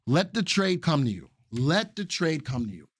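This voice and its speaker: A man hosting a live stock analysis webinar, excited and repeating phrases for emphasis while he talks to chat viewers. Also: on the high side, moderate pace, slightly rough, no room sound, studio quality. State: excited and sweating. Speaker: stock market webinar host.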